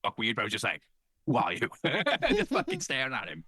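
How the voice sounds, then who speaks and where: Fast, animated man, swearing and laughing. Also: mid-range voice, breathy edge, dry recording. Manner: swears constantly and laughs through his anecdotes. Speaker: podcast co-host. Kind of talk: casual chat.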